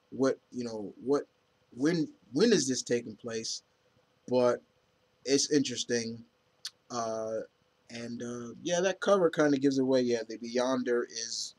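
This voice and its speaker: A man giving a casual spoken review of comics in a rambling, opinionated, fan-like way. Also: medium pitch.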